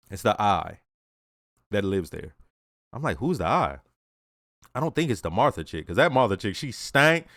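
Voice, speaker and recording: A young man hosting his own reaction channel, casually reviewing a TV episode in blunt, profane talk and acting out the characters in quick asides. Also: mid-range voice, no room sound, clean studio sound.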